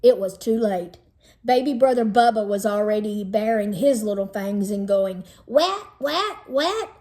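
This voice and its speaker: A woman teacher reading a children's chapter book aloud in an unhurried storytelling manner, slowing down over lists. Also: mid-range voice, steady tone, warm tone.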